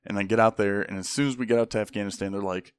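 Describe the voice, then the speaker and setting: Racing along in a smooth, fairly low voice with no echo, a young man who served in the army tells casual stories. He's animated, impersonates the people he quotes, and swears a lot.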